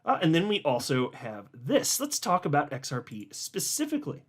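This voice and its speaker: A man's voice: on the high side, wildly swooping pitch, normal speed, slightly rough. Blunt, casual male market commentator. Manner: blunt, emphatic, conversational, with frequent uh fillers. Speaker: host of a crypto market channel. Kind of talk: casual market commentary, reading posts aloud.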